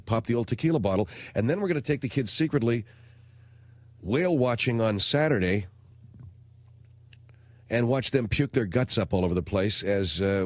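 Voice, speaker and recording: A man's voice: lowish voice, a little mellow, no echo. A middle-aged man hosting a radio show, telling a rambling, sardonic comic story in a studio. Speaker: radio talk show host. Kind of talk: comedic radio monologue.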